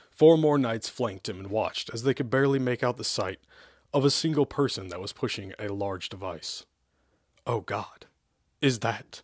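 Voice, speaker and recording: A man hosting a show and reading an old, absurd amateur story aloud in a deadpan, measured way. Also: on the low side, no echo. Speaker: host and story reader. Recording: dry close sound.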